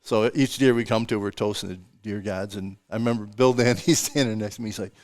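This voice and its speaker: A man's voice: fairly low pitch, steady tone, brisk, a little mellow. An older man hosting a podcast, telling long anecdotes in a casual, chuckling way and acting out the voices of the people in them. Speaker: podcast host. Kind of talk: casual storytelling chat.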